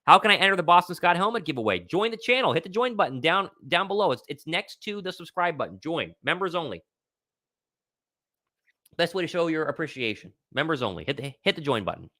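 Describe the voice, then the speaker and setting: A young man hosting a live sports stream, talking with excitable confidence and reading out viewers' questions. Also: fairly high pitch, a little fast, no room sound, studio quality. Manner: excitable, confident, reads chat questions aloud. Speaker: host of a sports livestream. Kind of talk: live pregame Q&A commentary.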